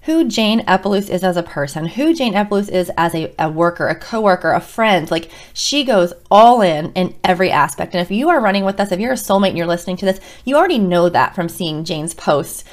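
A woman's voice: lowish voice, animated, brisk, few pauses. A middle-aged woman, a school counselor, telling a heartfelt personal story with emotion and many restarts. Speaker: school counselor and podcast host.

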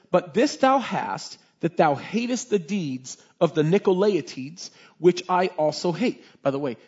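Husky high-voiced male preacher. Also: highs cut off. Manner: animated storytelling, voices characters in the tale. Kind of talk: sermon.

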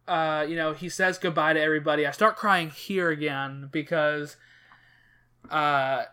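Bright-voiced man rambling through a movie recap. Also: fairly high pitch, fairly even intonation, measured pace, smooth. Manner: rambling, many fillers and restarts, emotional retelling. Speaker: podcast host. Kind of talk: casual chat recapping a movie.

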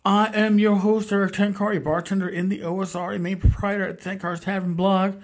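A man hosting a casual podcast, slightly hoarse as he loses his voice, rambling and swearing wryly as he talks into a desk mic at a convention. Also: high voice, flat delivery, fairly quick. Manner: rambling, profane, wry. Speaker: podcast host.

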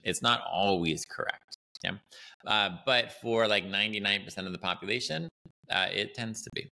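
A man's voice: fairly low pitch, moderate pace, gravelly. A man hosting an educational podcast, talking casually and animatedly as he explains training ideas, often checking in with "right?". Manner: animated and chatty, often tags lines with "right?". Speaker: podcast host and Pilates educator.

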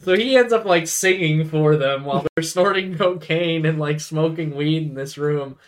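In a slightly high voice at a moderate pace, a young man retells a film scene by scene on a casual podcast he co-hosts. The recap meanders, packed with fillers and quoted lines.

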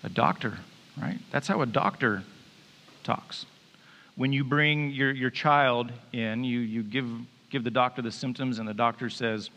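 A man preaches in a loose, conversational way, joking with his listeners between passages of scripture. His voice sits at an ordinary middle pitch. It carries a long reverb, as if it fills a large church hall. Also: fairly even intonation, measured pace, pushed and bright, dull audio. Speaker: pastor. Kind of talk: sermon.

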